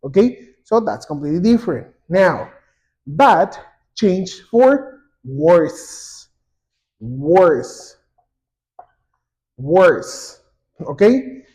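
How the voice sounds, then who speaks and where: A man teaching an English grammar lesson, saying example words twice, slowly and clearly. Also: high-pitched, big pitch swings, mellow. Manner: slow and repetitive, drawing out example words.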